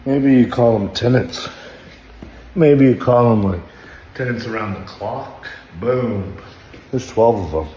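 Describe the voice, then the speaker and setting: A man's voice: slow, slight background noise. Sleepless man rambling in echoey room. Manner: rambling, drifting between low mutters and sudden loud outbursts. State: sleepless, up all night. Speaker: social media personality. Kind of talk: rambling late-night selfie video. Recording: roomy echoey room, faint ambience.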